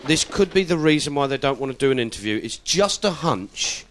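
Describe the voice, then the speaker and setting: Animated comedian. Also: male voice, mid-range voice, a little fast, heavy background noise. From South London. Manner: cheeky, animated, swearing, mimicking people. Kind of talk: stand-up comedy.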